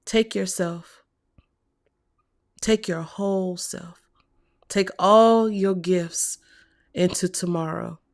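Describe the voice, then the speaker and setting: A woman giving a tarot reading, talking slowly and softly with hums and whispered asides. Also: fairly low pitch, steady tone. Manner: slow, soft, encouraging, with hums and whispered asides. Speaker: tarot reader.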